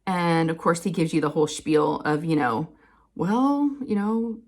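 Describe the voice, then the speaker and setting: Woman, 30s, chatty crafting vlogger, animated storyteller, laughs often. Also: moderate pace. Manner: chatty, animated, laughs often, quotes people in higher voices. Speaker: crafting channel host. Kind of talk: casual storytelling chat.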